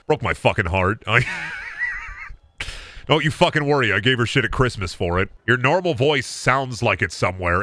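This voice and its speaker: A man's voice: mid-range voice, expressive, fairly quick, pushed and bright, no room sound. A young man streaming a game, chatting casually in a joking, profane, self-mocking way. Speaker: gaming streamer. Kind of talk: casual live-stream chat.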